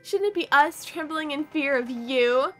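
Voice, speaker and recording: A woman voicing a pair of eerie teenage sisters who are smug and bossy, with a loud, drawn-out, taunting delivery. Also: high voice, soft background music. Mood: mocking.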